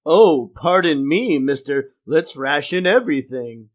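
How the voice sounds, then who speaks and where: A man voicing a bumbling, boastful middle-aged cartoon dad in a loud, exaggerated manner. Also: on the high side, animated, unhurried. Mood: grumbling.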